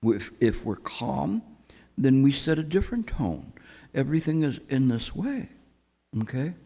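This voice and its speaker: A man gives a dharma talk at a very slow, unhurried pace, his voice rough with gravel. He tells his stories in a reflective, halting way, often restarting his sentences. His voice rings with a long echo in a reverberant hall. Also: mid-range voice, big pitch swings, mellow. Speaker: meditation teacher. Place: meditation center hall. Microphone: microphone on a stand.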